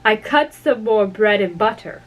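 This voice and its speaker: A woman's voice: mid-range voice, lively intonation, measured pace, natural voice, rough recording. A woman voicing a nervous, timid male hatter in a read-aloud storybook, pleading in a trembling voice.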